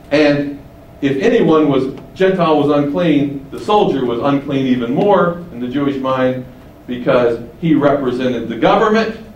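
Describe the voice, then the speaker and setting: A man teaching the Bible, explaining and asking rhetorical questions, shifting his pitch for emphasis. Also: a little mellow. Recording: echoey room, distant mic, faint hiss.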